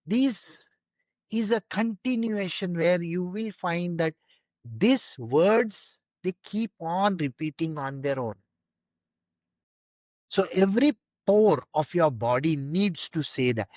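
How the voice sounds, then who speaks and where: A man's voice: high-pitched, animated, slow pace, darkish tone, no echo, highs cut off. A man giving an informal spiritual teaching, conversational and full of rhetorical questions.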